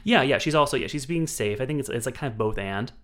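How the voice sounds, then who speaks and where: A man's voice: mid-range voice, animated, fast, fairly bright tone. A man in a casual podcast chat, recapping a film plot in a rambling way, full of fillers and restarts.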